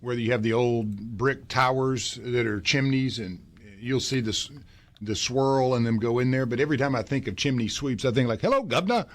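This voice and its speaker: A man co-hosting a radio show, chatting quickly and jokingly. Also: mid-range voice, fairly even intonation. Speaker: radio co-host. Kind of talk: casual radio banter.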